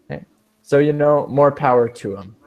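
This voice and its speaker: A man's voice: mid-range voice, moderate pace, darkish tone, a little hiss or hum. A man teaching an English speaking class, explaining expressions patiently and rephrasing them several times.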